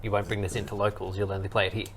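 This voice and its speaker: A man's voice: fairly low pitch, little pitch movement, very fast, a crowd in the background. A man hosting a casual podcast, joking and teasing his co-hosts. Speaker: podcast host.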